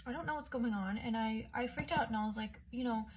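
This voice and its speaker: A woman's voice: fairly high pitch, fast talker. Chatty woman telling her own story. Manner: chatty, many filler "like"s. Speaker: patient recounting her own experience. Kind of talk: casual personal storytelling. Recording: dull lo-fi with faint background noise.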